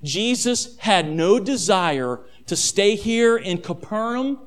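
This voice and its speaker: High-voiced dramatic preacher man. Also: expressive, slow. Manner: dramatic, addresses listeners as family, swings between hushed and loud. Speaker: pastor. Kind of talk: sermon.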